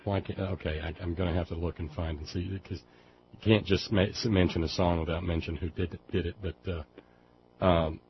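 A man with a fairly low voice hosts a radio call-in, talking loosely and stumbling over his words as he goes. The broadcast sound is dull and muffled, and a faint hiss sits underneath. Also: flat delivery, brisk. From Alabama. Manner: rambling, stammering restarts. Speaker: radio talk show host. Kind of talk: casual radio chat with a caller.

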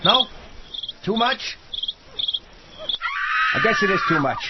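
A man's voice: very high-pitched, huge pitch swings, slow, lo-fi sound, very noisy, heavily acted. A man voicing a crude, boastful old male showbiz manager as a radio comedy impression. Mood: gleeful. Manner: boastful, shouting, gleeful.

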